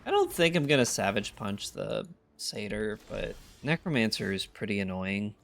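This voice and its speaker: A man's voice: fairly low pitch, very animated, moderate pace, vocal fry, a bit bright. A tired man giving casual, laid-back gameplay commentary, thinking aloud with a wry tone. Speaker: gaming content creator.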